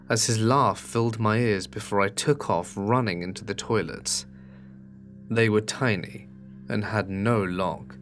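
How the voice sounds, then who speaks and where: A man narrating a horror story in a measured, scripted way, slowing at tense moments. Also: fairly low pitch, fairly bright tone.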